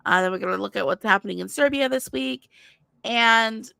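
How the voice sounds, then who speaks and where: A woman's voice: fairly high pitch, a little fast, vocal fry, pushed and bright, clean tone, no room sound, clean studio sound. A woman co-hosting a casual livestream chat, rambling and chatty, often apologizing and laughing. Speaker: livestream co-host.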